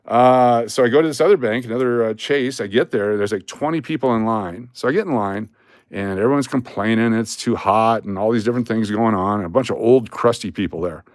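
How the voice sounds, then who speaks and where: A man's voice: fairly low pitch, a little fast, dry recording. Man telling a story in a dry room. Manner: animated, acts out other people's lines when retelling. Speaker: live stream host. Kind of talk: casual storytelling.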